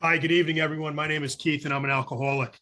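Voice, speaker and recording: A man's voice: fairly high pitch, level tone, rapid-fire, bright, forceful tone. A man with a Brooklyn accent giving an earnest, rambling personal share at a recovery meeting over a video call from a hotel room, often restarting his sentences. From New York City.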